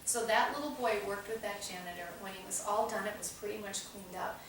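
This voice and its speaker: A woman's voice: mid-range voice, a little fast. A woman leading a small parenting group who tells anecdotes and acts out the voices in them. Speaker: parenting class leader. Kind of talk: teaching a small group, storytelling. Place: meeting room with a small group. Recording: roomy, distant, noisy room recording.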